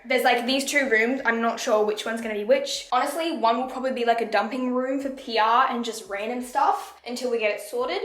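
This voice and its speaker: A woman's voice: fairly high pitch, brisk, hardly any pauses, fairly bright tone. A young Australian woman chatting casually through a house-tour vlog, bubbly and full of "like". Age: young adult. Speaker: vlogger. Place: empty house, indoors, walking room to room. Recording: echoey bare rooms.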